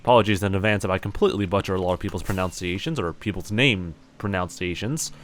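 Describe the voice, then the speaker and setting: A man's voice: low-pitched, quick pace, a bit bright, a little hiss or hum. A young man from New Zealand chatting casually on a live stream, rambling and self-deprecating with lots of fillers and restarts.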